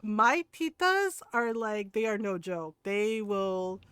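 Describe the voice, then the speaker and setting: A woman game streamer telling a rambling family story in a chatty way, laughing and adding quick asides. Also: mid-range voice, sing-song, a bit bright, clear, resonant tone, dry recording. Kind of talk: casual storytelling.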